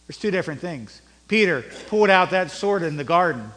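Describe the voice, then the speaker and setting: A man with a high voice preaching a sermon to his church. His delivery climbs to loud, pressing peaks, then sinks low and quiet. The sound carries a long reverb from the hall. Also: lively intonation, normal speed. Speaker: pastor.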